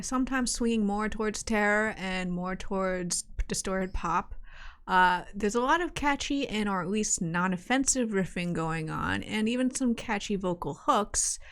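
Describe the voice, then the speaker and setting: A woman's voice: mid-range voice, fairly bright tone. A woman co-hosting a podcast, reviewing a metal album in casual, wry chat. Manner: chatty, wry, laughs often.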